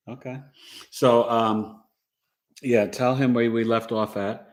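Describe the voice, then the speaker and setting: A man's voice: medium pitch, fairly even intonation, takes it slowly, long pauses. A middle-aged man hosting a casual astrology livestream, chatty and playful, reading viewers' charts and dropping in Spanish words.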